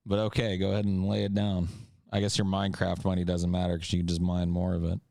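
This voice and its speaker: A man's voice: low voice, completely flat delivery, quick pace, creaky, mellow, no room sound, clean studio sound. A man hosting a casual Q&A chat, joking and swearing in an offhand way. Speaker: host.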